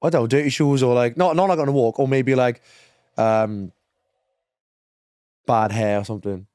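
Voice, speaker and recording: A young man talks casually as a podcast co-host, rambling and often restarting his sentences. His voice sits in a middle pitch. The sound is dry and close, with no room echo. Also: normal speed, darkish tone, clear, resonant tone. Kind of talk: casual chat.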